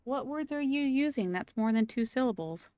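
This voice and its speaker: A woman's voice: high voice, lively intonation, normal speed, warm tone, clear, resonant tone, no echo. A woman streaming a video game, chatting casually and playfully with her viewers and laughing often. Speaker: gaming streamer.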